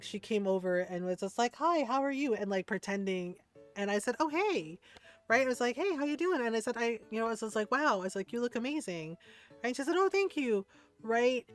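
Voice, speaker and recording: Rambling woman streamer, casual chat. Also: mid-range voice. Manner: rambling, filler-heavy, keeps asking "right?". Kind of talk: casual storytelling chat while gaming.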